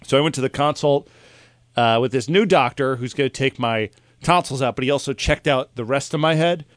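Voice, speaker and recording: A man's voice: medium pitch, fairly quick, dry recording. Young male podcast host, easygoing and teasing, dry close sound. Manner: easygoing, ribbing his co-hosts. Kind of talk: casual comedy podcast chat.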